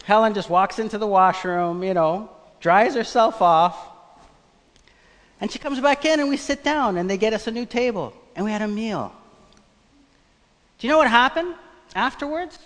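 A man preaching a sermon, telling a personal story in a conversational, animated way. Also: sits high, moderate pace, pauses often. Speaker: pastor. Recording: long church reverb.

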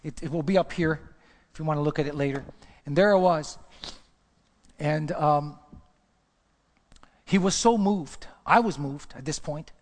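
A male pastor delivers a testimony sermon with a fairly high voice. He tells the story with animation, pushing his voice up sharply when he acts out his own words. The sound carries a long reverb, as if from a large church hall. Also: unhurried, pauses often.

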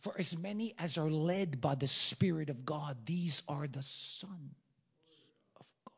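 Male pastor, sermon, husky voice, slightly high pitch, hushed then loud. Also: a little slow. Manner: swings from hushed whispers to loud emphatic bursts. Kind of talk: sermon storytelling.

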